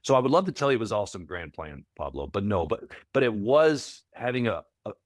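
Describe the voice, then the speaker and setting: A man who coaches property managers, a podcast guest telling stories in a casual interview, animated and often repeating words as he restarts. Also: on the low side, brisk, no room sound, studio quality. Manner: animated, repeats words, acts out quoted voices.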